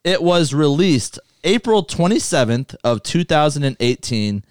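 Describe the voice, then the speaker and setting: A man hosting a casual movie podcast, talking loosely with swearing and rattling through a list fast. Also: on the high side, big pitch swings, clean tone, no room sound, studio quality. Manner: loose, profane, reads lists quickly. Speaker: podcast host.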